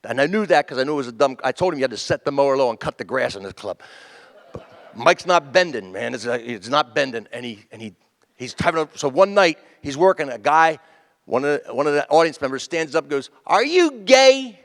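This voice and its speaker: A man telling a stand-up tribute story on a comedy stage, acting out the people in it with lively voices. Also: medium pitch, fast. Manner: animated, acts out the people in his stories. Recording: long hall reverb.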